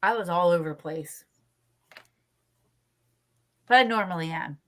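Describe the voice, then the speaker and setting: A woman's voice: fairly low pitch, unhurried. Blunt, swearing woman telling a story. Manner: blunt, animated storyteller who swears freely. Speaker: podcast co-host. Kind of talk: casual storytelling chat.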